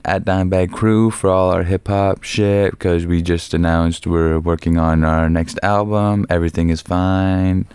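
A young man hosting his own podcast alone, rambling through a casual story full of swearing, with sudden loud bursts. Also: sits low, level tone, measured pace, few pauses, smooth. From Canada. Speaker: podcast host. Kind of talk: casual solo podcast monologue.

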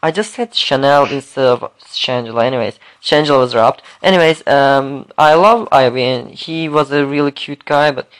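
A man co-hosting a casual podcast chat, campy and teasing, with quick asides. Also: medium pitch, smooth. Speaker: podcast co-host.

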